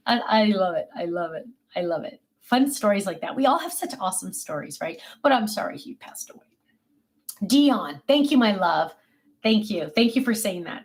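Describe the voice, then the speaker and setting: Her voice is medium in pitch with lively intonation and normal speed as she hosts a relaxed livestream at her home desk. She chats about her own life and replies to viewer comments with easy self-mockery.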